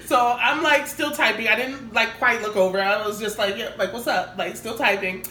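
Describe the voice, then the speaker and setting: A woman co-hosting a podcast, telling a work story in relaxed casual chat. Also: fairly high pitch, normal speed. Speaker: podcast co-host. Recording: roomy echo, faint noise.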